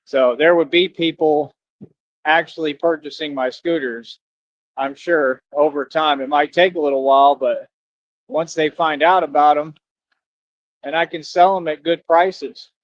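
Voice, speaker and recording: A man's voice: a little high, fairly even intonation, unhurried. A tired man on a live stream, rambling in a boastful, self-assured way while out in the heat. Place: outdoors. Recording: dry, dull lo-fi sound.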